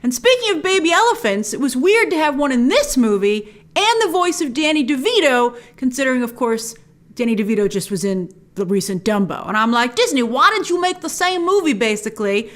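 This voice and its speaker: A young woman delivers a casual movie review straight to her viewers. Her voice sits high and swings widely in pitch. She talks in an animated, chatty way and acts out her own reactions as she goes. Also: normal speed. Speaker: film reviewer.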